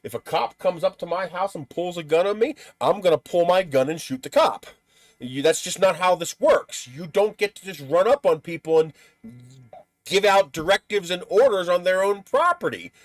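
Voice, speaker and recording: A man's voice: high-pitched, expressive, moderate pace, dry recording. A man hosting a live stream in casual chat, blunt and profane, who laughs at his own stories.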